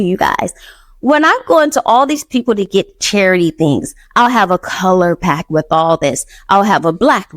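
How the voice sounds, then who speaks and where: A woman hosting a podcast, telling a personal story in a casual, animated way, acting out quotes and laughing often. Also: mid-range voice, moderate pace, dry recording. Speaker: podcast host.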